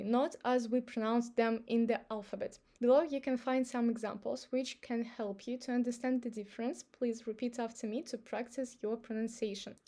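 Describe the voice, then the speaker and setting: A woman with a Russian accent teaching pronunciation, speaking clearly and patiently and modelling words slowly for her listeners to repeat. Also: fairly high pitch, warm tone. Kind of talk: pronunciation lesson.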